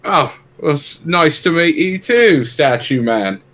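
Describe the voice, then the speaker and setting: A man's voice: fairly high pitch, lively intonation, slow pace, fairly bright tone. A man playing a tabletop game, hesitant and playful, cracking jokes. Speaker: player. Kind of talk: casual tabletop game play.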